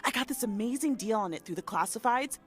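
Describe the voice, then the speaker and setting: A woman voicing an excitable young woman who gushes about synthesizers and speeds up when excited. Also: a little high, quick pace, breathy edge, pitched above the performer's own voice.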